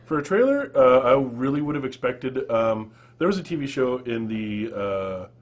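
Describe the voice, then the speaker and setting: A man's voice: mid-range voice, big pitch swings, normal speed. A young man hosting a casual podcast, bantering and joking with co-hosts. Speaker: show host. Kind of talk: casual chat.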